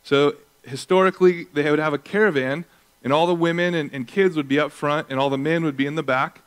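A man in his thirties preaching a sermon as pastor, telling stories with lively acted-out voices. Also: fairly high pitch, a little fast, smooth. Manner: animated storytelling, acting out voices.

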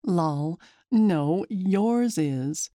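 Woman reading a first-person scary story, chatty, mellow tone, dry close sound. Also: lowish voice, animated, extremely slow, no room sound. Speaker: story narrator. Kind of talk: scripted first-person narration.

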